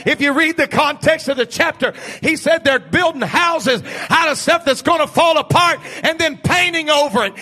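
A male pastor preaching a fiery sermon, building from talk into fervent, shouted bursts. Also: very high-pitched, lively intonation, moderate pace, hardly any pauses.

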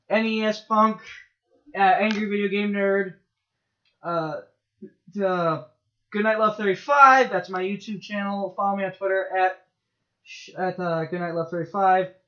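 A man's voice: high-pitched, fairly even intonation, a little slow, long pauses, a bit bright. A man co-hosting a podcast, rambling and laughing as he runs through plugs. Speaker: podcast co-host. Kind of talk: casual podcast banter. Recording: dull lo-fi podcast audio.

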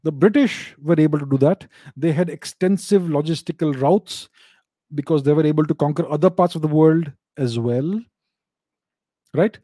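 A man answering viewer questions in an unscripted explanatory talk, measured, often repeating and restarting phrases. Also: fairly high pitch, mellow, no room sound.

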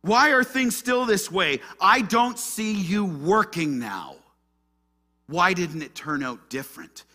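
A man's voice: expressive, slow pace, pushed and bright, exaggerated voice. Man voicing a self-pitying prophet in despair, raised and strained, sermon acting. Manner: high, strained and pleading. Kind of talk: sermon with acted quotes.

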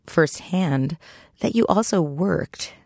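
A woman's voice: fairly low pitch, animated, vocal fry, darkish tone, dry recording. Inquisitive woman host, dry close sound. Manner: inquisitive, quick to laugh. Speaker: podcast host. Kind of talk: interviewing a guest.

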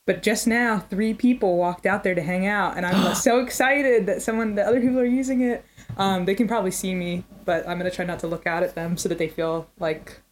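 A woman's voice: lowish voice, fairly even intonation, brisk, few pauses. A woman co-hosting a podcast from her apartment, chatting in a wry, easygoing way. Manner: wry, easygoing, laughs often. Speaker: podcast co-host. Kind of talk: casual chat.

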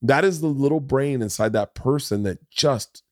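A man's voice: medium pitch, moderate pace, dry recording, clean studio sound. A man in his forties hosting a podcast, telling a personal story in a blunt, profane, emotional way. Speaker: podcast host. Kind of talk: casual storytelling conversation.

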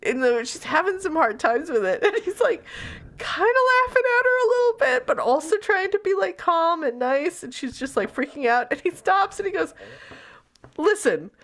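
A woman co-hosting a podcast, recapping a novel in casual, animated chat with lots of giggling and "like.". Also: very high-pitched, moderate pace. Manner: heavy use of "like". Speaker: podcast co-host.

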